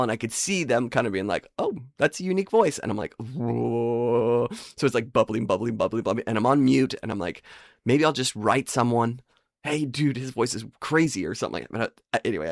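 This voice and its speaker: Guy rambling on his podcast, kinda gravelly voice, dry close sound, jokes at his own expense. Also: medium pitch, dry recording. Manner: rambling, self-deprecating storytelling with quick impressions. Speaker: podcast host. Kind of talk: casual monologue.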